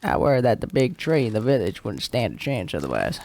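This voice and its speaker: A man's voice: fairly low pitch, huge pitch swings, fairly quick, a little mellow. A man voicing a wry, lonely alien lookout keeper on a moon, reading game dialogue aloud in a put-on rural drawl. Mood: chatty.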